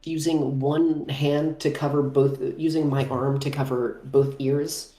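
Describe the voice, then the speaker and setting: A woman's voice: extremely low pitch, level tone, unhurried, dark tone, soft background music. A woman playing in a tabletop game, hesitant and thinking aloud as she plans her moves. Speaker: player. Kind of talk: casual tabletop play. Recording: echoey room.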